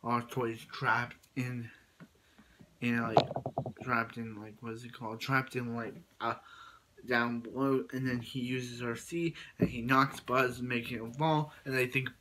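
A man casually retelling a movie plot as a reviewer, rambling with many restarts and quick quoted lines. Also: mid-range voice, level tone, noisy background.

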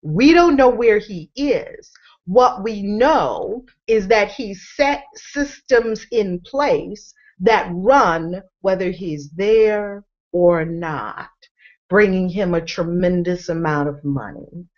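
A woman's voice: lowish voice, slow pace, lo-fi sound. A woman hosting an inspirational morning talk, telling an imagined story in the second person and calling on listeners to stay with her. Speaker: motivational speaker and show host.

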